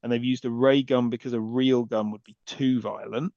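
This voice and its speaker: A man co-hosting a podcast, reacting to a film with quick, sweary disbelief. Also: medium pitch, steady tone, warm tone, no room sound, dull audio. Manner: quick, sweary, incredulous commentary. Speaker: podcast co-host. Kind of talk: casual film chat.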